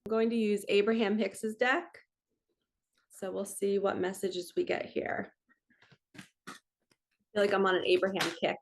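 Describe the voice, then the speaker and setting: A woman manifestation coach giving casual spiritual coaching talk, relaxed and encouraging. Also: medium pitch.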